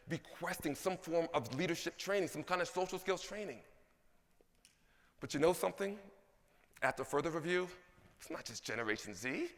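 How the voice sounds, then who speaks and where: Energetic man giving a keynote. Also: on the high side, in a large hall. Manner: animated, asks the audience questions. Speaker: keynote speaker. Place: large conference hall.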